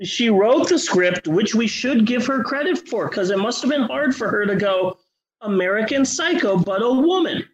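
A man's voice: high voice, animated, normal speed, lo-fi sound. A man co-hosting a podcast, reviewing a film in casual chat with sarcastic, profane remarks. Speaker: podcast co-host.

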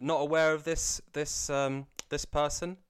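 A man co-hosting a podcast, with dry, deadpan humour in casual banter. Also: on the high side, a little slow, smooth. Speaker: podcast co-host.

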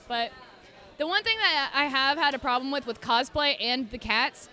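A woman with a high voice tells animated, casual stories as a podcast guest. She talks freely, drops a curse here and there, and slips into little voices to act out her pets. Her tone is bright and forceful. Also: normal speed, some chatter behind. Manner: animated storyteller who swears casually and acts out her cats. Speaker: guest, cosplayer. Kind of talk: casual chat.

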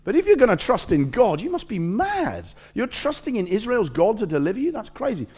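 A man's voice: on the high side, very animated, brisk, darkish tone. A man voicing a scornful, boastful male enemy commander who taunts his listeners in a sneering tone. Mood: mocking.

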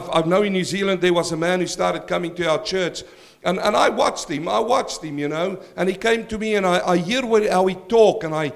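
High-voiced emphatic male pastor. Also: a bit bright. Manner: emphatic, direct, addresses the congregation. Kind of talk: verse-by-verse sermon.

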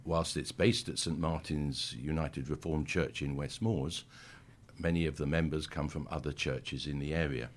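Very deep-voiced choir leader. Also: male voice, fairly even intonation, normal speed, a little hiss or hum. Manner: friendly, hesitant with many fillers. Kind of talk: radio interview guest. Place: radio studio.

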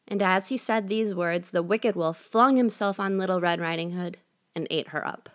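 A woman narrating a fairy tale in a measured, gently expressive storytelling manner. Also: fairly low pitch.

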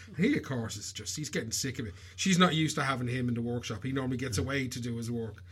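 Guy telling a funny story to his mate, husky, animated. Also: mid-range voice, fast talker, few pauses. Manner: animated, lively, acts out the characters. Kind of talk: casual storytelling to a friend.

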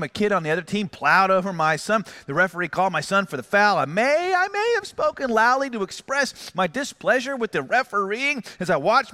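A man's voice: high-pitched, bright, forceful tone. A middle-aged man preaching a sermon as pastor, telling stories with acted quotes and self-mocking humor.

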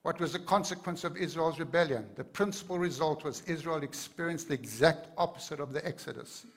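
A man's voice: a little high, brisk. A man preaching a sermon to his congregation, earnest and building to fervent emphasis. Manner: addresses the congregation directly. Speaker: pastor.

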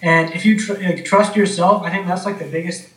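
A man in relaxed conversation, talking in a laid-back way, often calling his friend "man" and telling stories with energy. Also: sits high, a little fast, far from the mic. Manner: laid-back, says "man" a lot, animated storytelling. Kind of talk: casual chat. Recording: roomy, off-mic.

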